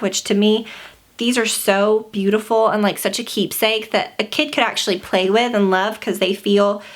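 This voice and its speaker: A woman's voice: mid-range voice, fairly bright tone. A pregnant woman in her twenties giving a casual, gushing vlog update at home, near tears and full of fillers. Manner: chatty, gushing, many fillers. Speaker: beauty vlogger.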